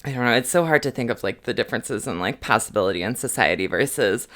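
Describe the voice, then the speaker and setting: A woman's voice: extremely low pitch, lively intonation, quick pace, fairly bright tone. A woman co-hosting a podcast in casual chat, gushing and effusive, full of slang. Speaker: podcast co-host.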